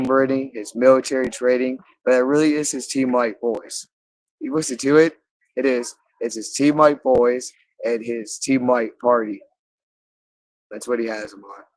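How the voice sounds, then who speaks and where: A man speaking in a rambling, halting monologue, repeating phrases again and again. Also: mid-range voice, no room sound, rough recording. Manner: halting, with frequent restarts.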